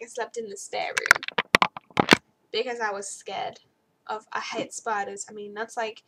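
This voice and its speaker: A teenage girl chatting to camera from her bedroom, rambling and jumping high when excited. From Australia. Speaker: vlogger. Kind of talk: casual chat to camera.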